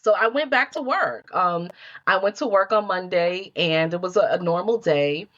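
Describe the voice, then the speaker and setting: Middle-aged woman, low-ish voice, animated storyteller, acts out her own thoughts, muffled lo-fi podcast audio. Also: moderate pace. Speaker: guest, healer and life coach.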